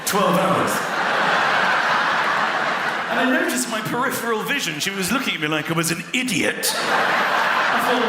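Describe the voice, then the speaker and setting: Brief: lively high-pitched male comic, exasperated storytelling, roomy hall, heavy crowd laughter. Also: a little slow, long pauses, heavy background noise. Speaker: stand-up comedian. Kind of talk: stand-up routine. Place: large theatre stage. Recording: live theatre with roaring crowd.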